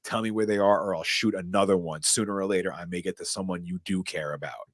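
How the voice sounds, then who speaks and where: A man voicing a cool, calculating male villain who speaks in a calm, measured way. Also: deep voice, dry recording, studio quality. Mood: menacing.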